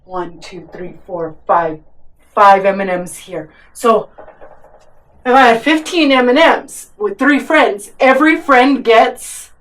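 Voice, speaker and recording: A woman's voice: a little high, takes it slowly, a bit bright. Patient woman teacher, slightly distant. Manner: patient, counting aloud. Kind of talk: step-by-step math explanation.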